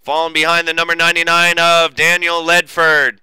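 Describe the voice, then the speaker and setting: Guy calling a sim race, high pitched, gets loud and hyped, swears a lot. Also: normal speed, hardly any pauses, clean tone, no room sound, rough recording. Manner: excitable, crude asides. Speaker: race commentator. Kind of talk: sim racing commentary.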